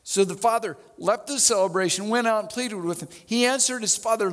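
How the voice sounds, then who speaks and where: A man's voice: high voice, a little fast, hardly any pauses, a bit bright, big-room sound. A man pastor preaching a sermon, telling the story with animation and dropping in wry asides.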